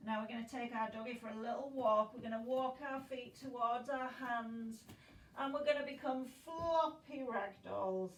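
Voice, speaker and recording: A woman's voice: a little high, echoey room, distant mic, slight background noise, low-quality recording. A woman guiding a children's yoga class in an encouraging, playful way. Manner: encouraging, playful, makes animal noises.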